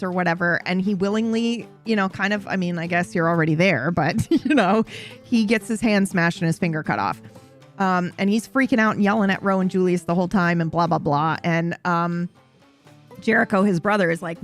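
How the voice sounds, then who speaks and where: A woman's voice: fairly low pitch, brisk, faint music behind. Rambling, foul-mouthed woman recapping a story. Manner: rambling, profane, self-correcting. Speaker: streamer recapping a roleplay story.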